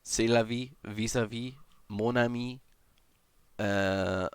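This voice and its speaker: A man streaming live, chatting casually as he reads and answers comments, with sudden excited shouts. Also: medium pitch, takes it slowly, clear, resonant tone, dry recording. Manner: chatty, greets viewers, bursts into excited shouts.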